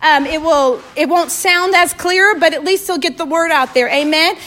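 Captured on a phone she holds herself in a reverberant church room, this women's ministry speaker preaches and prays with fervor to a gathering of women. Her very high voice moves at normal speed, slipping into hushed prayer and breaking into easy laughter.

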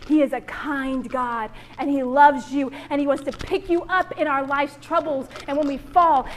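A woman's voice: high voice, moderate pace, hardly any pauses, slight background noise. A woman preaching to a women's church gathering, joking and acting out little voices as she goes. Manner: animated, jokey, acts out voices. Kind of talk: sermon.

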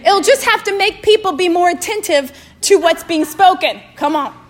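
A woman's voice: extremely high pitch, normal speed. A woman preaching and praying fervently to a women's gathering, recorded on a phone held in her hand in a church room. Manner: fervent, drops to hushed prayer, laughs easily. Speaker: women's ministry speaker. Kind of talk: sermon and prayer. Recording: echoey room, phone mic.

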